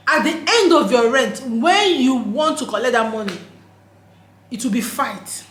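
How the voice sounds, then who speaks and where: A Nigerian-accented woman vlogger gives a casual opinion monologue straight to camera, emphatic and laughing, slipping into pidgin phrases. Her voice sits high, and the recording has a roomy echo.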